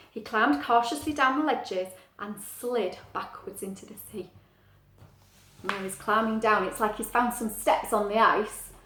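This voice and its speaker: Reading aloud from a picture book for children, a middle-aged teacher speaks in a voice on the high side. She's animated but gentle, directing questions at the listener, and her room sounds echoey.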